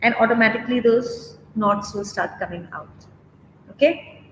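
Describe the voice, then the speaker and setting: A woman's voice: on the high side, normal speed, a bit bright. Chatty woman groomer. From India. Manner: chatty, reassuring, many fillers and "okay?" checks. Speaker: dog groomer. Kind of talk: live demo and Q&A. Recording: roomy echo, faint background noise.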